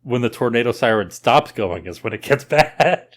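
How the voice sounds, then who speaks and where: A man's voice: mid-range voice, expressive, moderate pace. A man with a slight Oklahoma twang hosting a podcast in easygoing, rambling casual chat. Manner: rambling, easygoing, many fillers. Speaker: podcast host.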